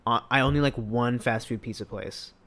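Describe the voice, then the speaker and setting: A man in his twenties co-hosting a live podcast, talking in a relaxed, rambling way and reading out chat comments. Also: mid-range voice, moderate pace. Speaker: podcast co-host. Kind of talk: casual chat on a live stream.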